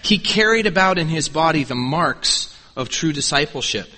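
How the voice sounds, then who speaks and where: A man's voice: a little high, expressive, moderate pace, bright, forceful tone. A man preaching a sermon as pastor, emphatic and repeating key words for weight. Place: church sanctuary. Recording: long reverb in a large church hall.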